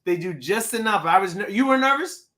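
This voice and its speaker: Man, co-host, bright forceful voice, pitched a bit high, animated storyteller. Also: a little fast. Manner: animated, acts out scenes in voices. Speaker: podcast co-host. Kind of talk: casual movie review chat.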